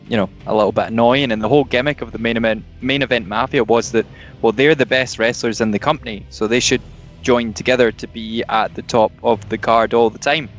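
Man explaining things on a podcast. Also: medium pitch. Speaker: podcast co-host. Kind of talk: casual chat. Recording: dull lo-fi podcast audio.

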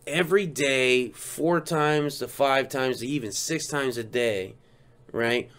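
A man co-hosting a casual podcast, telling stories in a profane, animated way, acting out both sides of his phone calls and laughing as he talks. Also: medium pitch, slow, smooth. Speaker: podcast co-host. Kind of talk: casual chat.

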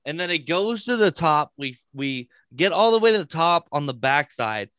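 A man's voice: a little high, big pitch swings, normal speed, fairly bright tone, smooth, no echo, studio quality. A man chatting casually and telling a story with plenty of swearing. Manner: storytelling with profanity. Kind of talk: casual chat.

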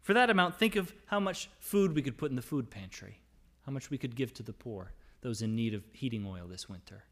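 A man's voice: medium pitch, lively intonation, a little fast. Man preaching with rising emphasis. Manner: expository preaching, reading scripture aloud and explaining it; dynamic delivery, rising for emphasis and dropping to soft, quiet phrases. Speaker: pastor. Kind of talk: sermon. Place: church.

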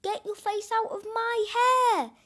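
A woman voicing Hamish, a young boy in a storybook, who speaks in excited exclamations. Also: very high voice, a little slow, voice pushed up. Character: young boy with a messy mop of hair, easygoing.

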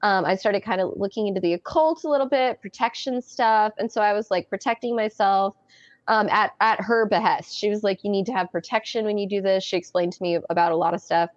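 A woman in her early thirties is a guest telling stories in a casual interview, talking fairly quickly in a mid-range voice. She's chatty and giggly, with lots of restarts and "like". The recording is muffled, with no room sound.

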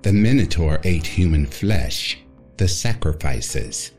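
A man doing a deep, grim warrior barking orders. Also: big pitch swings, takes it slowly, darkish tone, faint music behind, full character voice. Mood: stern.

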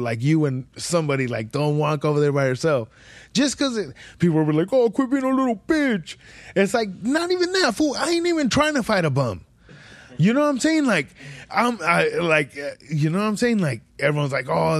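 A man's voice: on the high side, no echo. A young man, hosting a podcast and telling a rambling, slangy, profane travel story in casual chat. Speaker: podcast host.

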